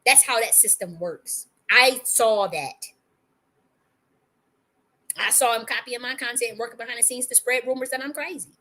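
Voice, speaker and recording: A woman's voice: fairly high pitch, pushed and bright. Angry woman ranting with a cold. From United States. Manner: angry, profane, rapid-fire ranting with restarts. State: has a cold. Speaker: livestream host. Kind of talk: heated monologue on a livestream.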